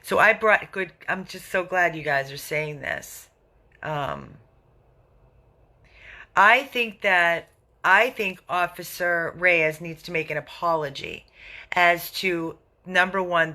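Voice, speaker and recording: A woman's voice: lowish voice, takes it slowly, bright, forceful tone. A woman who runs an animal rescue, talking on a live video to viewers, answering their comments indignantly and repeating herself.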